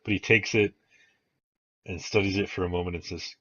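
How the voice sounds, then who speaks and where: A man narrating a tabletop game as game master, in a relaxed, matter-of-fact way. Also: low-pitched, moderate pace, pauses often, breathy edge. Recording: dull lo-fi sound, dry.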